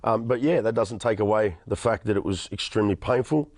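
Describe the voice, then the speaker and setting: A man's voice: on the low side, fairly quick, a little mellow, no room sound, studio quality. An Australian man in his thirties giving an earnest personal testimony in an interview, often stammering and restarting. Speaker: interview guest.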